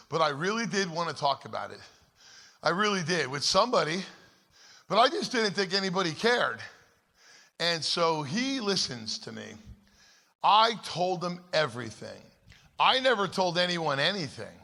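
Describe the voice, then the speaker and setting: Gravelly, bright-voiced man telling his story. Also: fairly high pitch, sing-song, moderate pace. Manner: emphatic, conversational, checks with "right?". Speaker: guest speaker. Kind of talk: personal story told from a stage. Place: large hall at a church conference. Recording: long reverb of a large hall.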